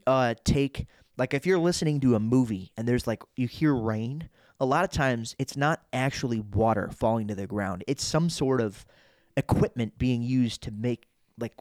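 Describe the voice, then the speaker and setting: A young man talking casually as a guest on a podcast, animated and full of quoted bits. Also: medium pitch, no room sound, clean studio sound. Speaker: guest impressionist and comedian.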